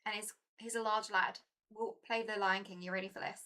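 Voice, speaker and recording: A young woman chatting casually as she streams a board game, talkative and easily excited. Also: mid-range voice, brisk.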